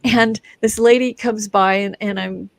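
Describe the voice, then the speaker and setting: A woman's voice: medium pitch, unhurried, creaky, dry recording. A woman guest on a talk show, an energy and intuition instructor, chatting casually and acting out stories with frequent laughs. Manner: animated storyteller, acts out quotes, laughs often. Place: broadcast studio.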